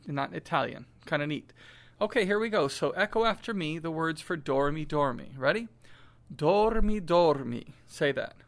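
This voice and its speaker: A middle-aged man teaching children a song's diction, saying each phrase slowly and patiently for them to echo back. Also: fairly high pitch, gravelly, a bit bright. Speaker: music teacher. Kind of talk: call-and-response diction lesson.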